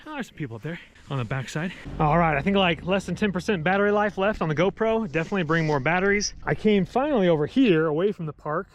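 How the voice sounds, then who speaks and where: A man vlogs on the move outdoors, recorded on a handheld phone and action camera, with a faint wash of outdoor ambience behind him. His voice sits a little higher than most men's. He rambles from one observation to the next in a chatty, upbeat way. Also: a little hiss or hum. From Colorado, USA. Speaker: vlogger. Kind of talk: casual vlog narration. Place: outdoors on a ski mountain.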